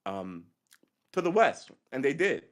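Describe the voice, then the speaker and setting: A man's voice: mid-range voice, very animated, unhurried. A man hosting a livestream, delivering a rambling, sarcastic political monologue with frequent profanity. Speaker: livestream host.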